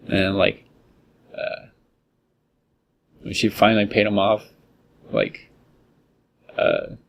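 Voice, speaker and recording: Gravelly and fairly low-pitched, this young man's voice swoops wildly in pitch as he speaks extremely slowly, pausing often. Co-hosting a podcast, he rambles through a story in casual conversation, leaning heavily on "like" and "uh."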